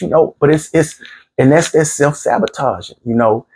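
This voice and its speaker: A man's voice: mid-range voice, moderate pace, gravelly, a little mellow, breathy edge. A middle-aged man candidly recounting his own past in a plainspoken, street-casual way, often repeating himself. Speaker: former prisoner telling his story. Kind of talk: candid storytelling monologue.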